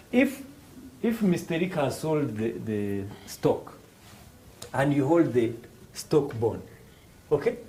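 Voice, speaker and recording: Animated Rwandan man teaching finance. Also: mid-range voice, a little hiss or hum, rough recording. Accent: Rwandan English. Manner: animated, acts out dialogues in raised voices, hesitant restarts. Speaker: financial literacy instructor. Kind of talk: classroom explanation with acted examples.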